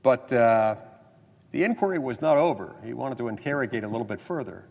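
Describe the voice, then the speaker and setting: In a big legislative chamber with long reverb, an American senator delivers a floor speech in a creaky, darkish mid-range voice. He is expressive and fairly quick, telling a story and voicing others in quotes before pressing his case earnestly and insistently.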